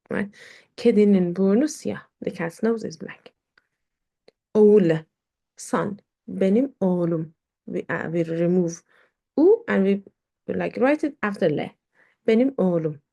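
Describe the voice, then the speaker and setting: A woman teaching a language lesson in English, explaining slowly with many fillers and repeated words. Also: on the low side, gravelly, mellow. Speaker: Turkish teacher.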